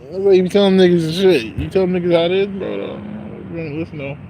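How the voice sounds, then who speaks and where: A man's voice: high voice, fast talker, vocal fry, warm tone, a little hiss or hum, poor audio. A young man talking in a casual, rambling monologue, slangy and profane, laughing often. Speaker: vlogger.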